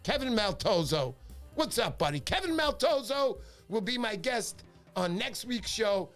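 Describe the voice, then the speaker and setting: Male livestream host, high-pitched, animated storyteller who greets his viewers; faint background music. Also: measured pace. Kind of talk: casual livestream chat.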